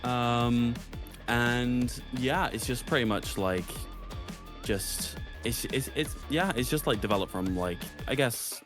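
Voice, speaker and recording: A woman's voice: very deep voice, slow pace, over music. A woman guest in a casual online chat, hesitant and rambling with many restarts. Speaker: guest musician.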